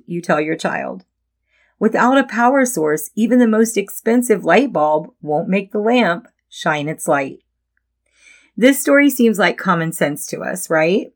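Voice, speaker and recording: Middle-aged woman host for a devotional podcast, warm encouraging delivery in a lowish voice. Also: animated, measured pace. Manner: gentle, encouraging, reflective. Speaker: podcast host and Christian life coach.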